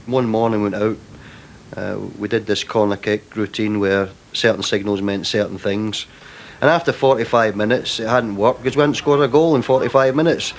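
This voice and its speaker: Low-voiced ex-player recalling stories. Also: male voice, steady tone, normal speed, slight background noise. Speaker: former player interviewed. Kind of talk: anecdotal interview.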